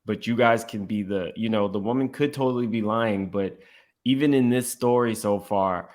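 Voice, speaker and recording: Low-voiced man with blunt commentary. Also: normal speed, a little mellow. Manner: blunt and opinionated, addresses viewers. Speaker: commentary host. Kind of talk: reaction commentary on podcast clips.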